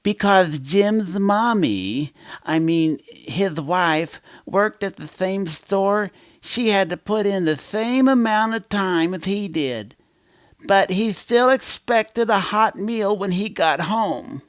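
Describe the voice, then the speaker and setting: A man's voice: sits high, lively intonation, no echo, pitched above the performer's own voice. A man doing a whiny baby voice. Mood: mocking. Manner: whiny baby talk, slow and drawn out. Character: babyish voice mocking a grown man.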